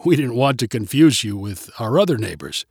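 A man's voice: mid-range voice, big pitch swings, brisk, slightly rough, dry recording, studio quality. A man voicing a friendly, chatty middle-aged male neighbor in a storybook reading.

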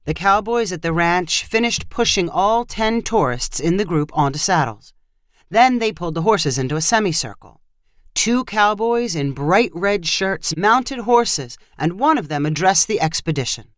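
A narrator reading a short story aloud in a steady, measured way. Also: mid-range voice, dry recording, studio quality.

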